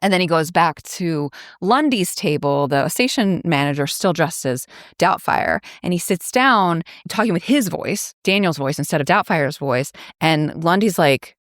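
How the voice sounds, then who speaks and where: A woman with a notably low voice hosts a podcast, retelling a story in a loose, chatty way full of fillers and wry asides. Her sound is close and dry, with no room echo. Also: animated, a little slow, few pauses. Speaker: podcast host. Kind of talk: casual plot recap.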